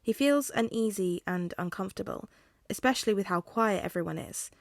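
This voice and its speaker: A woman narrating a fan fiction audiobook in a steady, measured storytelling voice. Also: mid-range voice, vocal fry, no room sound, studio quality. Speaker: podfic reader.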